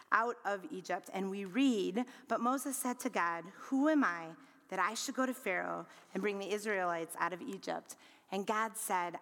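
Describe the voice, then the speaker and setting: A woman preaching a sermon, expressive, rising to bright emphasis and dropping to low, quiet lines. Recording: long hall reverb.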